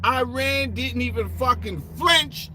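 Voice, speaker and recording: Profane, high-voiced man ranting. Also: slow, a little hiss or hum. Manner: profane, animated, street slang, sarcastic; rambling with restarts and asides. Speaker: political commentator. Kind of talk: casual ranting commentary.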